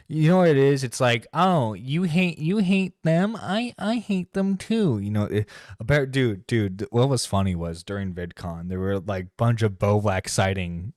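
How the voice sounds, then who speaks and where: A man's voice: mid-range voice, darkish tone, no room sound, studio quality. A man hosting a stream, talking casually while reacting to a clip, rambling, swearing and exasperated. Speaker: streamer host. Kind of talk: profane casual commentary.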